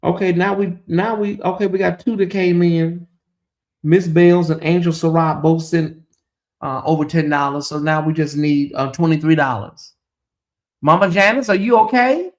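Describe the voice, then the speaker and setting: Man, livestream host, fairly high voice, animated, chatty, reads viewer comments. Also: normal speed. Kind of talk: casual livestream chat, reading viewer comments.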